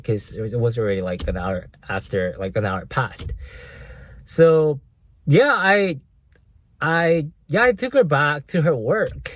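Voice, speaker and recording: A young man tells a personal story at an unhurried pace, his pitch rising and falling a lot. He hesitates often, leaning on fillers and tag questions, in a dry, close recording. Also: lively intonation, no room sound. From Korea. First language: Korean. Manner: hesitant, full of fillers and "right?" tags. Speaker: vlogger. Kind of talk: casual storytelling vlog.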